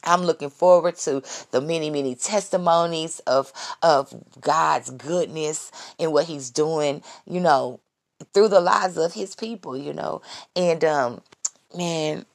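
A woman giving a casual devotional talk to her viewers, excited and repeating her phrases as she calls out to them. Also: sits low, measured pace, vocal fry, no room sound, clean studio sound. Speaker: Christian vlogger giving testimony.

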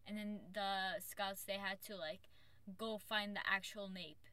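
A woman's voice: medium pitch, steady tone, a little slow, bright, forceful tone, smooth, no echo. A woman recapping an anime episode in casual chat, rambling with many fillers. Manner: loose, filler-heavy storytelling with lots of "like".

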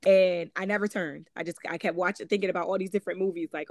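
A guest author from Connecticut, USA, with a Connecticut accent tells her personal story candidly in an interview. Her voice is on the low side and steady, fast with few pauses, in a dry studio-quality recording. She's conversational, says "um" and "like" often, and acts out the voices of people she quotes.

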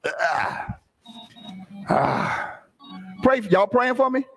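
A male pastor preaching in a church, swinging between easy talk with the congregation and shouted, almost sung phrases. His voice sits high and swoops widely. There is a husky grain to it. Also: big pitch swings, extremely slow, faint music behind. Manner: call-and-response, rising to shouts and sung phrases. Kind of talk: preaching a sermon. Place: church sanctuary.

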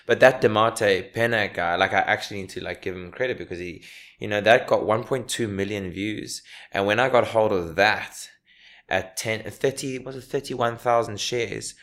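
A man's voice: lowish voice, normal speed, a bit bright. A man talking as a comedian guest in a casual interview, chatty and loose, with many fillers and restarts.

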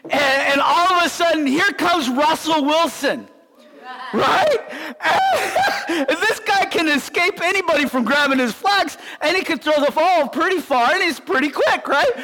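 High, bright-voiced animated male pastor. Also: unhurried. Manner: animated storytelling, acts out scenes. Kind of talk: sermon. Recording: long hall reverb.

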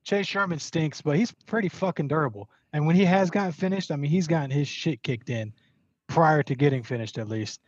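A man calls into a casual podcast with a slightly high voice and makes his fight picks. He swears freely and keeps changing his mind. His audio is dull and completely dry. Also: fairly quick, darkish tone, husky, no room sound. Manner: chummy, swears freely, second-guesses himself. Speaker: podcast co-host.

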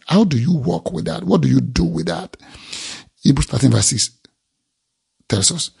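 A man's voice: medium pitch, vocal fry, darkish tone, breathy edge. A man preaching a sermon, emphatic and repeating key phrases for effect.

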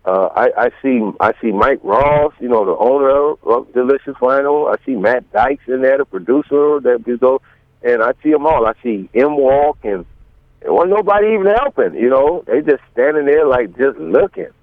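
Man, mid-pitched, rambling storyteller, lots of fillers, dry phone-line sound. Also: expressive, normal speed, no echo. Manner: rambling with many fillers and restarts, acts out quotes. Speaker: guest. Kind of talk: storytelling in an interview.

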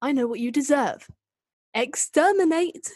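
A woman voicing the Doctor, an angry, vengeful male time traveller, with a put-on Northern English accent, high-pitched and mocking. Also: expressive, unhurried, darkish tone, no echo, clean studio sound. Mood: bitter.

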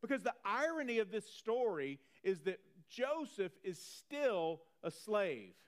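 A man preaching a sermon in a conversational way, animated and repeating phrases for emphasis. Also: sits high, unhurried. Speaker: pastor.

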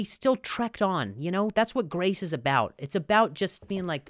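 A man's voice: on the high side, animated, moderate pace, hardly any pauses, a bit bright, dry recording, studio quality. A young man hosting a comedy podcast, rambling and profane, with sarcastic rants full of restarts. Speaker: podcast host.

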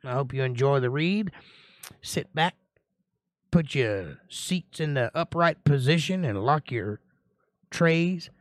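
Greeting his viewers by name, a man hosts a laid-back livestream Bible study in a folksy, chatty style, reading passages of scripture aloud before explaining and commenting on them. His mid-range voice is slow and full of pauses but has lively intonation, and the sound is studio quality with no echo.

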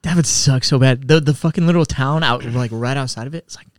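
A man hosting a casual podcast from a basement studio, easygoing and quick to laugh. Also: mid-range voice, dry recording. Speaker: podcast host.

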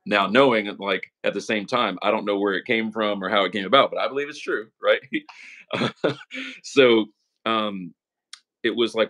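A young man, speaking as an interview guest, tells his story casually and earnestly, with emotion coming through. His voice is lowish and fairly bright at a normal speed, and he keeps throwing in "man" and "right?" in this conversational testimony.

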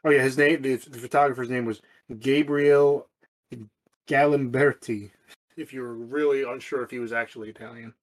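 Casting: offhand male podcast co-host, middle pitch, blunt, thinking out loud, mic far off with echo. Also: fairly even intonation, normal speed. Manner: offhand, thinks aloud with restarts and swearing. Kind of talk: casual chat.

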